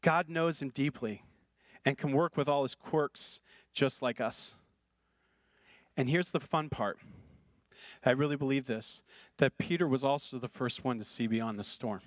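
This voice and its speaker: A man's voice: mid-range voice, measured pace, pauses often, no echo, studio quality. A male pastor preaching a sermon in an earnest, conversational way, often repeating phrases for emphasis.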